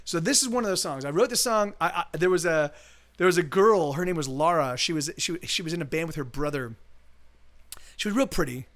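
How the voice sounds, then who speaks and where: A man in his forties with a fairly high, brisk, slightly bright voice streams live as a singer-songwriter from his home setup. Between songs he chats casually and rambles, restarting often, swearing and laughing, with an acoustic guitar in the background.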